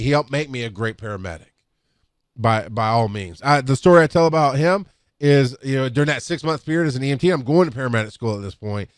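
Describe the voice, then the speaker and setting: A man's voice: mid-range voice, dry recording, studio quality. A middle-aged man, an EMS instructor telling rambling work stories into a podcast microphone, with many restarts. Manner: rambling, with restarts and acted-out quotes. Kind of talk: casual storytelling talk.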